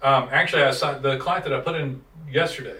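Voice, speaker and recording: A man's voice: mid-range voice, fast, sharp tone, reverberant, recorded from a distance. A man co-hosting a casual podcast chat, blunt and profane, rambling through stories about clients. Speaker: podcast co-host, digital marketing business owner.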